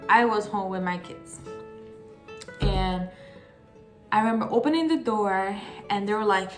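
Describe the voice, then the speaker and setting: A young woman tells a painful personal story to her camera, her voice catching as she holds back tears. She talks in halting bursts, full of fillers and restarts, at a middling pitch, with faint guitar music under her. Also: fairly bright tone. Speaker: vlogger.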